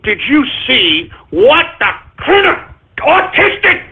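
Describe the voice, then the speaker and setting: A man hosting a talk radio show, ranting angrily with shouting and profanity. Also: very high-pitched, huge pitch swings, slow, very noisy. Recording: tinny phone-like lo-fi.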